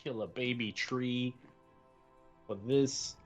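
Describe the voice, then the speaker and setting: A man's voice: medium pitch, steady tone, slow, soft background music, close to an everyday voice. A man putting on a mock-solemn voice as a grand summoner ordering a creature to die for it.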